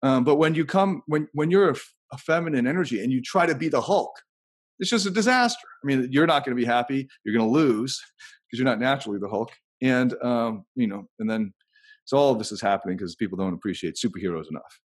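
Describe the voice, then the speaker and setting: A man's voice: mid-range voice, quick pace, slightly rough. A man hosting a casual podcast conversation, rambling and thinking aloud as he tells anecdotes.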